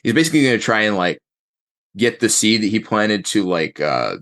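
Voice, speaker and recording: A man's voice: on the low side, sing-song, brisk, fairly bright tone. A man narrating as game master, rambling and thinking aloud as he describes the scene.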